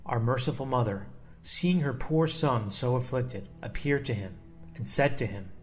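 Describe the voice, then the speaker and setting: A man reading a devotional text aloud in a slow, solemn and measured way. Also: mid-range voice, soft background music. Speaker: devotional reader.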